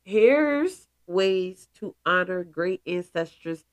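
A congested, stuffy-voiced woman hosts a spiritual show, talking slowly and leaning hard on key words. She drops playful asides between her points, and her voice sounds close and dry with no room around it. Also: fairly low pitch, lively intonation, no room sound. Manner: emphatic, playful asides, calls listeners goddesses. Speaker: spiritual podcast host. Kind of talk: casual spiritual talk.

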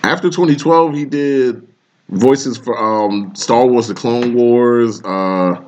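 A man's voice: mid-range voice, takes it slowly, a little mellow, lo-fi sound, a little hiss or hum. A man co-hosting a podcast in casual chat, laughing often and looking things up as he talks. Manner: laughs often, looks things up mid-talk. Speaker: podcast co-host.

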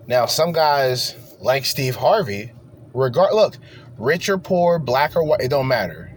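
A man's voice: medium pitch, expressive, unhurried, slight background noise. A man hosting a reaction commentary, ranting in a profane, confrontational way. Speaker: commentary host.

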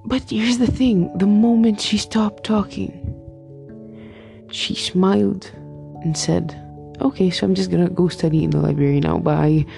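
A woman's voice: on the low side, measured pace, vocal fry, mellow, faint music behind. A woman in her twenties, a medical student, telling a story in a casual vlog, rambling and emphatic with many fillers and restarts.

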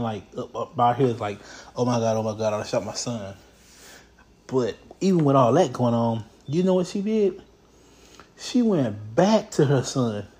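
A man hosting a show, giving casual, comedic commentary on news stories in a blunt, profane, animated way. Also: medium pitch.

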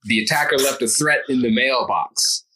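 A man's voice: medium pitch, normal speed, pushed and bright, close to an everyday voice. An actor playing a big, chummy male coworker with an Albanian accent at a sketch table read. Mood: brash. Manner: brash, says bro and man a lot.

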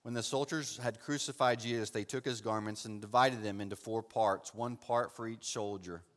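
A man preaching a sermon and reading from the Bible, swinging between loud fervent passages and hushed soft ones, and calling his listeners "saint". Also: fairly low pitch, fairly even intonation, moderate pace. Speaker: pastor. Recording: long hall reverb.

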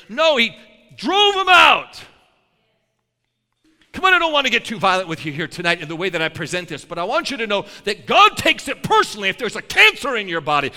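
A man preaching a sermon with animated, folksy storytelling that builds to shouting. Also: high-pitched, a little fast. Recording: long hall reverb.

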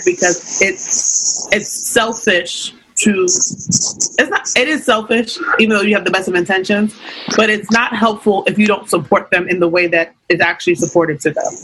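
A woman's voice: medium pitch, fairly bright tone, slightly rough, poor audio. Young woman telling a candid story. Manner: candid storytelling, acts out quotes. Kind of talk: casual chat.

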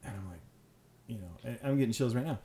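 Fast-talking man in an echoey room. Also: medium pitch, slight background noise. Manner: fast, animated storytelling with many fillers. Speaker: high school teacher, podcast guest. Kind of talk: casual chat.

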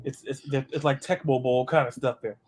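A man hosting a sports podcast, talking in an animated, joking way and often repeating his words. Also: medium pitch, normal speed, slightly rough. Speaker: podcast host. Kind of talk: casual sports chat.

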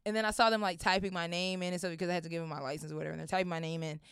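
A young woman with a lowish voice races through a casual personal story, animated, acting out voices and swearing often. The sound is clean, studio-quality, with no room noise.

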